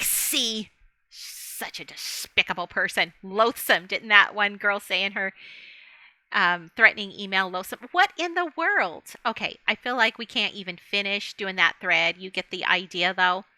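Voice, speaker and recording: Bright, chatty woman vlogger. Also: mid-range voice, clean tone, no echo. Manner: chatty, rambling, laughs often, speaks to viewers directly. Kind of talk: casual rambling monologue to camera.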